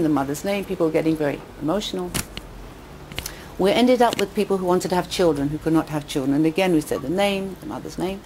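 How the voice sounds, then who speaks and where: A woman giving an inspirational talk with jokes and stories to a women's audience, her pitch rising on quotes and punchlines. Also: background noise. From England. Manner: lively storyteller who rises in pitch on quotes and punchlines. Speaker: speaker addressing a women's audience. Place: community hall with a live audience.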